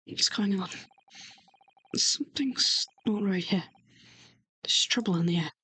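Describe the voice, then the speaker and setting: Chill girl streamer chatting thru a game, slow and dry close mic. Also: medium pitch, sharp tone, husky, no room sound. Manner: playful, chatty. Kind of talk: let's play commentary.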